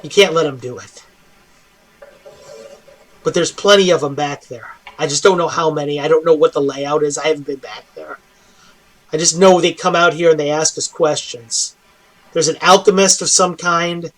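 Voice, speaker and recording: A man's voice: fairly high pitch, normal speed, pauses often, a bit bright. A man voicing a weary human prisoner who rambles, hesitates and pleads in a tabletop game.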